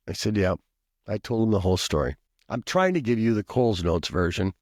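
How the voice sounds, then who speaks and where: A Minnesota pastor and professor, appearing as a podcast guest, tells a long personal story in a rambling, chatty way full of asides and frequent coughs. His voice sits fairly low with a darkish tone, and he speaks expressively and a little fast. The recording is dry and studio quality.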